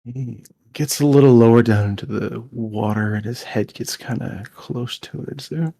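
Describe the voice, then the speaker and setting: A man narrating as game master of an online tabletop game, halting and restarting as he describes the scene. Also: mid-range voice, gravelly, warm tone, husky, no room sound.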